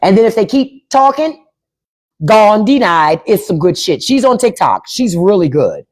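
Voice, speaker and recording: Blunt, lively-voiced woman livestreamer. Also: medium pitch, measured pace. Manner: blunt, profane, repeats herself for emphasis; reads out chat and spells names. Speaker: podcast host. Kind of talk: casual live-stream chat.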